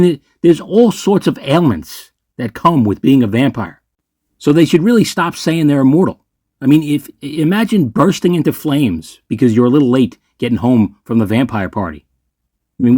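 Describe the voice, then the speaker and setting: A man's voice: medium pitch, darkish tone, dry recording. A man ranks movies in a sarcastic, ranting commentary, swearing freely as he goes. His voice sits in the middle range and sounds dry and close. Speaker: movie reviewer host. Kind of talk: ranking list commentary.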